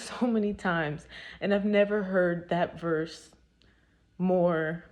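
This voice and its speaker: A woman's voice: fairly low pitch, darkish tone. A woman giving an earnest, emphatic devotional talk, with many filler words. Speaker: faith content creator.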